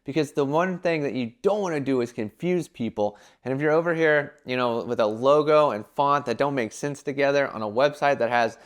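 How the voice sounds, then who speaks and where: Animated young man giving casual advice. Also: medium pitch. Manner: animated, with quick put-on quotes and filler "like". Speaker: entrepreneur giving brand advice.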